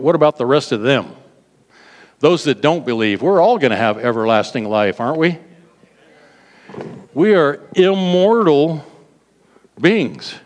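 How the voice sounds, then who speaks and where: Animated male pastor, mid-range voice, preaching with calls to the congregation; long hall reverb. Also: mid-range voice. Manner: animated, repeats words, prompts the congregation. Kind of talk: sermon. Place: large hall.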